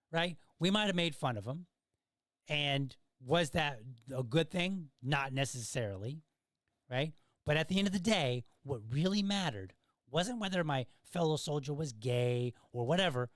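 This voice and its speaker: A man's voice: fairly high pitch, animated, measured pace, fairly bright tone, dry recording, clean studio sound. A middle-aged man hosting a podcast, telling stories in a casual monologue and often checking in with "right?". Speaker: podcast host.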